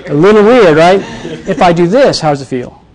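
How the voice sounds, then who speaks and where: A man teaching presentation skills to a live audience, energetic and demonstrative, often quizzing the room. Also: sits high, brisk. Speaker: presentation coach. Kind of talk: live workshop talk.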